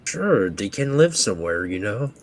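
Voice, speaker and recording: A man's voice: lowish voice, big pitch swings, normal speed. A man playing in a tabletop game, chatting casually with dry, joking remarks. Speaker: player.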